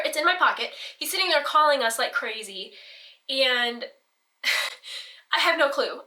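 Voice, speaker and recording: A teenage girl tells a story in a rambling, self-deprecating way, laughing here and there. Her voice is bright and sits a little high. She is set back a bit from the microphone. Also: far from the mic. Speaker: vlogger. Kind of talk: casual storytelling.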